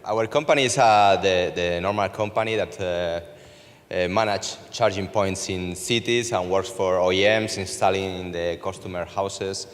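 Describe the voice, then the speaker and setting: A man's voice: low-pitched, normal speed, faint music behind. A man from Spain with a Spanish accent, a company manager answering on a conference panel with hesitant, eager speech. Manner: hesitant, many filler sounds, eager. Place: conference stage in a large hall. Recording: long reverb of a large hall.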